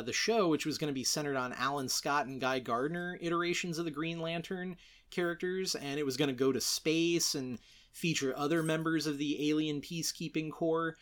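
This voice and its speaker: A man in his thirties runs an entertainment news podcast in a loose, conversational way. His voice sits a bit on the high side. He turns animated and sarcastic as he calls out companies by name. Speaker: podcast host. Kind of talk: casual news commentary podcast.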